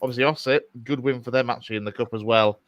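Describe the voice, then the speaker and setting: A man's voice: medium pitch, steady tone, dry recording, muffled recording. A man with a Yorkshire accent co-hosting a football show, talking over results with many fillers. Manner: halting, many fillers and restarts. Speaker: co-host pundit. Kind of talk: casual football chat.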